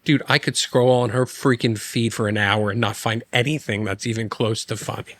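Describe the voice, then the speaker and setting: A man's voice: lowish voice, steady tone, normal speed, a bit bright, no room sound. A male podcast host talks casually and laughs often in a studio with mics and headsets. The sound is dry and close. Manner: laughs often, jokes about friends. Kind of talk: casual chat.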